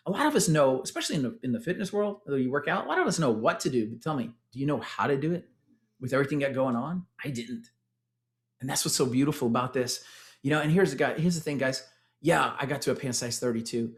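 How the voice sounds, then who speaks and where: A man's voice: mid-range voice, lively intonation, fairly quick. A man in his forties with a Texan accent, telling his fitness story with energy to an audience he keeps calling "guys". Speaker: former tech executive sharing his testimonial. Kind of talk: motivational testimonial talk.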